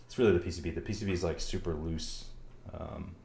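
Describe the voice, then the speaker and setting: A man's voice: sits low, quick pace, creaky, darkish tone. A man streaming live, talking casually to his chat and muttering to himself while he rebuilds a keyboard, swearing now and then. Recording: roomy, with faint background noise.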